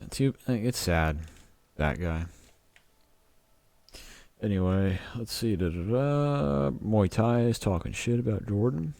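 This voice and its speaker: Low-voiced man, profane casual banter. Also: lively intonation, vocal fry, warm tone, no room sound. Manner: profane, rambling, quick to joke. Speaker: podcast co-host. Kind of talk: casual chat.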